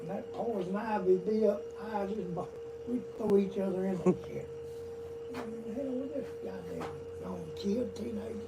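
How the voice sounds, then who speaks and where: A man's voice: high-pitched, sing-song, normal speed. Older man, profane rambling yarns. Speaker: storyteller guest. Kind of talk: casual storytelling. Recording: distant mic, noisy room.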